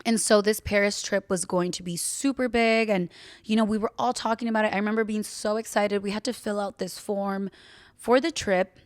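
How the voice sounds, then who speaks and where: A woman's voice: mid-range voice, fairly even intonation, normal speed, no echo, studio quality. A young woman hosting a podcast, telling a personal story in a candid, casual way, full of fillers and the odd swear word. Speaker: podcast host.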